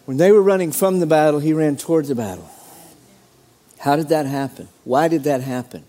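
Pastor guy preaching, kinda high voice, does little voices for the people he quotes. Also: fairly quick. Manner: animated preaching, acts out quoted voices with sudden pitch jumps. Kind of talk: sermon.

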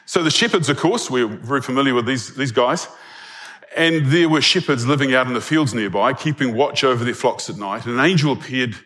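A man's voice: mid-range voice, a bit bright. A man preaching a sermon in a conversational way, often checking in with his listeners and chuckling between points. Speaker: pastor.

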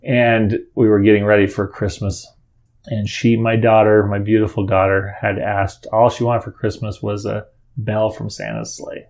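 A man's voice: fairly low pitch, flat delivery, normal speed, a little mellow. A middle-aged father telling a personal story in a casual, earnest way, rambling and often restarting his sentences.

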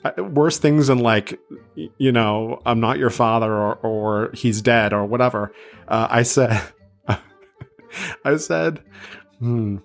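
A man's voice: medium pitch, steady tone, measured pace, faint music behind. A man in his thirties, from south of Boston, hosting a podcast and telling a story in a chatty, self-deprecating way with many fillers. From south of Boston, USA. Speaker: podcast host.

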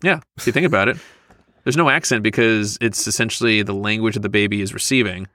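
A man co-hosting a casual educational podcast, explaining things in a playful, easygoing way with quick asides. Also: lowish voice, bright, forceful tone, dry recording, clean studio sound. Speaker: podcast co-host. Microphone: studio microphone.

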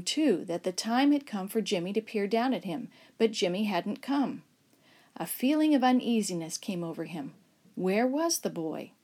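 A woman narrating a children's Bible story aloud, lively and expressive, raising her voice for shouted lines. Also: mid-range voice. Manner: expressive, acts out shouts and whispers.

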